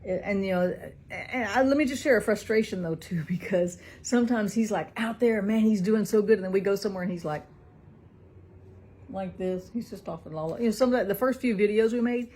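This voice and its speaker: A woman's voice: medium pitch, brisk, hardly any pauses, a little mellow, breathy edge. A middle-aged woman, a caregiving mother, talking earnestly in a personal vlog, laughing often and sometimes dropping to a whisper.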